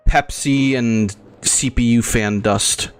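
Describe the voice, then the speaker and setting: A young man chatting loosely over his gameplay, with a voice of middling pitch that drifts between topics. He talks crudely, swears freely, and rambles from one aside to the next. A faint bit of music sits underneath him. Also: slow pace, smooth. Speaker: gaming channel host. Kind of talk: casual gameplay commentary.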